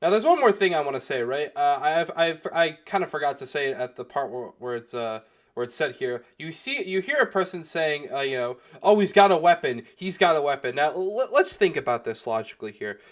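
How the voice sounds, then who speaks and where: A man's voice: fairly high pitch, sing-song, fairly quick, a bit bright. A young man giving casual commentary on a video, rambling with lots of fillers and restarts and swearing freely. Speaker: commentary youtuber.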